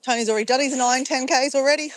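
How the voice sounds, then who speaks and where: A woman's voice: sits high, fairly even intonation, fast talker, poor audio. A middle-aged woman chatting casually on a live stream from a phone held at arm's length, playful and giggly as she exclaims over camera filters. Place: outdoors near a beach.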